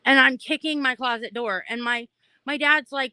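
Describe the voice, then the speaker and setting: Brisk and a little high, this woman's voice is sharp yet clear and resonant, with no echo. She hosts a mental health live stream, talking freely about her own life and speaking right to viewers.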